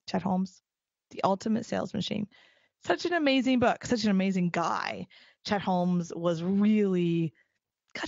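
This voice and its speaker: A middle-aged woman hosting a solo podcast. She talks in an animated, emphatic way and repeats phrases for stress. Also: mid-range voice, no room sound, highs cut off. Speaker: podcast host. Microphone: close mic at a desk chair.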